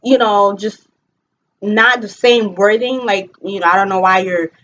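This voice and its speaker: A young woman talking casually to the camera, telling a story in a lively way, full of fillers like "like" and "you know," and acting out what others said. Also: medium pitch, measured pace, muffled recording. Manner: animated, frequent fillers, voices others in quotes. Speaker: vlogger.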